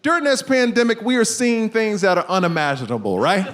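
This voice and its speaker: A man's voice: high voice, big pitch swings, normal speed, hardly any pauses, fairly bright tone, a little hiss or hum. A male stand-up comedian on a club stage, punchy and calling out to the audience. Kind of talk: stand-up set.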